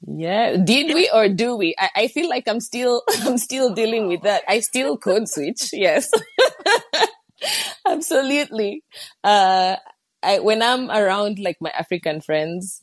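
A woman's voice: medium pitch, a little slow, no room sound. A woman from Kenya, talking casually in a book discussion, often laughing and saying "like". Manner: relaxed, laughs easily, hedges with "like". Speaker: book club guest.

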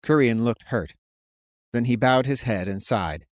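A man narrating a fantasy novel as an audiobook, in a measured storytelling manner on a close mic. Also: medium pitch, animated, dry recording.

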